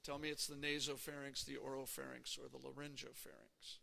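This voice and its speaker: A man's voice: medium pitch, flat delivery, brisk, gravelly, sharp tone. A man teaching an anatomy class in a conversational lecture style, checking in with the students often. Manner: conversational, checks in with frequent "okay?" and "right?". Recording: reverberant lecture hall.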